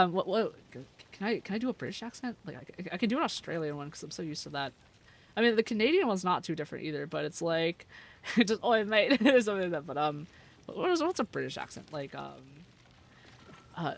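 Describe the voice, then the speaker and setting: A young woman chatting casually on a livestream, giggling often and talking in a rambling, slangy, profane way. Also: on the low side. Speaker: streamer.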